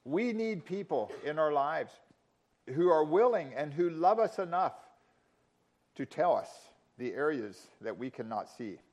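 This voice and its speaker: A man preaching a sermon, emphatic, with dramatic pauses and rising intensity in quoted lines. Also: a little high, animated, a little mellow. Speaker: pastor.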